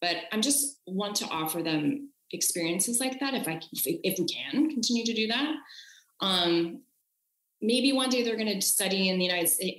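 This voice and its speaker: American woman chatting in an echoey room. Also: medium pitch. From United States. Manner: chatty, frequent fillers and restarts. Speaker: podcast guest. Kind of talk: casual conversation.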